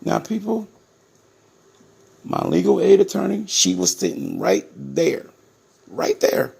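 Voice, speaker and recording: A man with a high, husky, gravelly voice shares his own story with his viewers, sounding indignant and emphatic. He keeps addressing them directly and repeats words to stress them. His pitch swoops wildly, his pace is slow, and his tone is somewhat dark.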